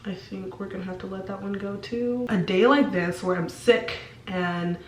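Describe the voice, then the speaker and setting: A woman's voice: mid-range voice, moderate pace, slight background noise. A young woman with a sick, sore-throat voice, chatting casually in a home vlog, filling her talk with "like". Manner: chatty, filler-heavy, lots of "like". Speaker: vlogger. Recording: roomy sound from a distance.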